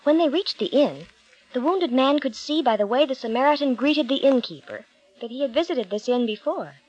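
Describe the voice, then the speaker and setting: A woman narrating a Bible story with clear, measured storytelling. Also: high voice, lively intonation, darkish tone, lo-fi sound, faint music behind.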